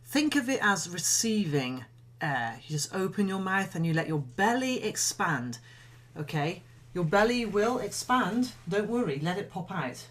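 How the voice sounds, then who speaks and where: A woman singing coach giving a calm, measured voice lesson, explaining and demonstrating breathing exercises. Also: medium pitch. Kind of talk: instructional voice lesson.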